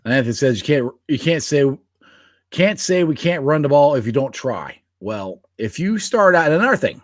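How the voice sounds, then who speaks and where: Sports podcast co-host, male, animated and expressive, a slightly raised voice, dry close mic. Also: on the high side, normal speed, no room sound. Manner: animated, laughs often, restarts sentences. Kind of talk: casual sports chat.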